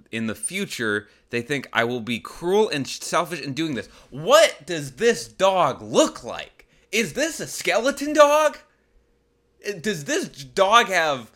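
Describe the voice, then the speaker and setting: Bright and forceful in a mid-range voice, this young comedy podcaster reads listener questions aloud and fires back rants of disbelief, piling on rhetorical questions.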